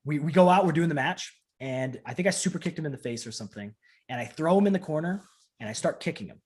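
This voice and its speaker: Male interview guest, chatty and animated, acting out the people in his story, a touch high in pitch. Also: fast talker. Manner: animated, acts out the voices of people in his stories, fills in with "like". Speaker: professional wrestler, interview guest.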